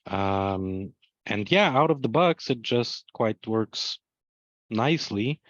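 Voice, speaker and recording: A man's voice: fairly low pitch, slow, no echo, lo-fi sound. A man casually showing his web work to others on a video call, loose and full of fillers. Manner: relaxed, filler-heavy, loosely strung phrases.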